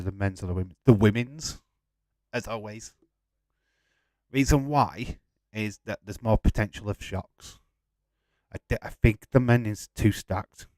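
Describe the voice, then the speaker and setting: A man's voice: on the low side, darkish tone, dry recording, studio quality. A man hosting a live football watch-along, chatting casually, swearing and laughing as he goes.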